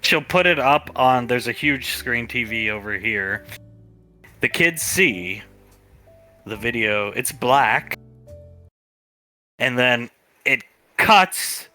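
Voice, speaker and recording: A man narrating as game master of a livestreamed tabletop role-play, telling the scene in a relaxed way with quick character asides. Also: medium pitch, faint music behind.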